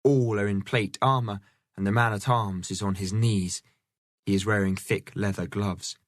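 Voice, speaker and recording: Low-voiced male audiobook narrator. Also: fairly even intonation, moderate pace, dry recording, clean studio sound. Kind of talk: scripted narration.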